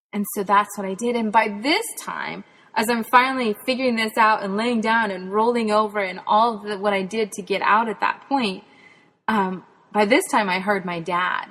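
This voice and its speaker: A woman's voice: mid-range voice, normal speed, a bit bright. A woman from Texas, a podcast host and spirituality author, earnestly tells a personal faith testimony in a reflective way. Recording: long hall reverb.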